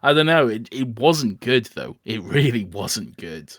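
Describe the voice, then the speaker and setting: A man's voice: medium pitch, big pitch swings, measured pace, fairly bright tone, no room sound, clean studio sound. A man co-hosting a podcast, sardonically chatting about a film and swearing casually. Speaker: podcast co-host. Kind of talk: casual film review chat.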